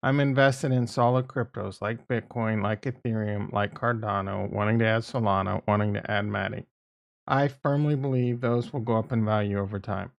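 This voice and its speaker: A man's voice: on the low side, steady tone, normal speed, creaky, dull audio. A man giving casual market commentary as a video host, blunt and profane, repeating his points and getting exasperated. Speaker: crypto and stock market YouTuber.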